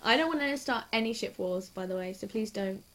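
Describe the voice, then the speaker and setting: The speaker, a TV reaction vlogger in her young adult years, talks with a mid-range voice. She is excited and giggly, gushing over an episode and jumping casually between scenes as she rambles.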